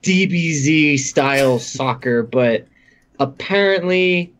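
A man's voice: a little high, lively intonation, slow, a bit bright, slight background noise. A man in casual chat who makes wry, sarcastic remarks and questions his co-host. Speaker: podcast co-host asking questions.

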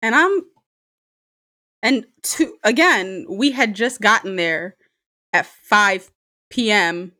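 Animated, bright-voiced young woman telling a story. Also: medium pitch, slow pace, pauses often. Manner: animated, swears freely, laughs often. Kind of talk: casual storytime monologue.

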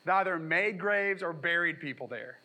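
A young man gives a sermon with a high, bright, forceful voice. He talks to the congregation casually and cracks jokes, with sarcastic asides. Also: lively intonation, moderate pace, rough recording. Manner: jokey, conversational preaching with sarcastic acted quotes. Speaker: pastor.

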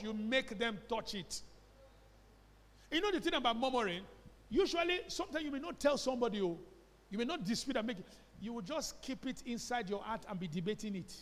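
A man's voice: very high-pitched, expressive, normal speed, a bit bright, in a large hall. A man with a Nigerian accent preaching a sermon as a pastor, emphatic, asking the congregation questions and slipping into Pidgin phrases. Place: church hall.

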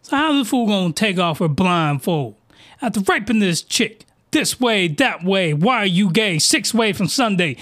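A man hosting a podcast, delivering an excitable, slangy, rambling comedic rant full of mockery. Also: high voice, moderate pace, no room sound, studio quality. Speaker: podcast host reviewing anime.

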